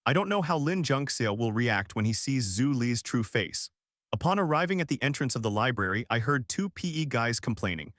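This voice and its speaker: Lively male storyteller. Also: medium pitch, a little fast, no echo, studio quality. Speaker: narrator. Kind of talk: storytelling narration.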